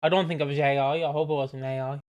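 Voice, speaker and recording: A man's voice: fairly high pitch, little pitch movement, fast, a little mellow, no room sound. A man co-hosting a casual podcast chat, rambling with fillers and easy laughs. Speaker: podcast co-host.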